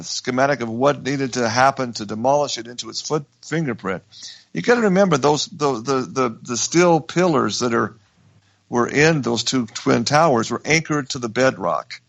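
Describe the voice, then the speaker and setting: A man's voice: medium pitch, vocal fry, fairly bright tone, no echo. A man hosting a radio talk show, telling a story with emphatic restarts. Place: radio studio.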